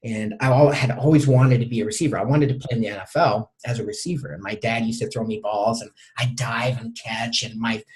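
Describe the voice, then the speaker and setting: A man's voice: mid-range voice, steady tone, a little mellow. Middle-aged male coach, interview guest, stop-start storytelling with many repeated words. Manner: halting, repeats words often.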